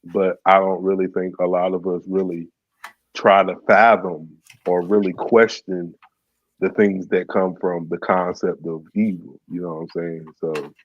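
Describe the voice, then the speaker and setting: A man's voice: deep voice, flat delivery, a little slow, no echo, dull audio. A man co-hosting a podcast, talking in a reflective, rambling way with many fillers. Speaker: podcast co-host. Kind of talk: casual conversation.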